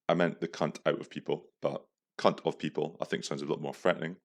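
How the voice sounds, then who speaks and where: Man, young adult, low pitch, very lively intonation, profane comic rant, podcast host. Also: brisk. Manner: crude, profane comic ranting. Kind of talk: casual storytelling monologue.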